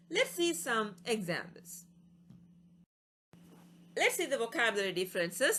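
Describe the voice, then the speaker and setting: Bright, lively woman teaching vocabulary. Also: sits high, slight background noise. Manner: reads word lists with plain explanations and examples. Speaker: English teacher. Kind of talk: reading a vocabulary lesson.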